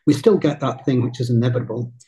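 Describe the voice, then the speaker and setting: Man from Northern Ireland, club co-owner, husky timbre, steady measured delivery. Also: medium pitch, rough recording. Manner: measured, thoughtful, uses "right?" and "look". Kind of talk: casual interview chat.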